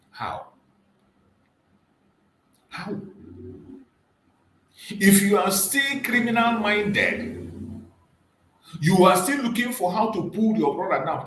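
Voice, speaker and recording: Man, fiery rhetorical monologue, fairly high voice, repeats his questions, roomy echo. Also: a little hiss or hum. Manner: rhetorical, repeats questions, swings between loud emphasis and quiet drops. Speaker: channel host and activist commentator. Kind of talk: impassioned political monologue.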